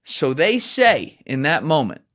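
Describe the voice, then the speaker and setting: A man's voice: fairly high pitch, unhurried. A man hosting a podcast, talking casually and swearing freely, acting out quoted voices as he tells a story. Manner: animated, profane storytelling with mimicked voices. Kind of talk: casual chat.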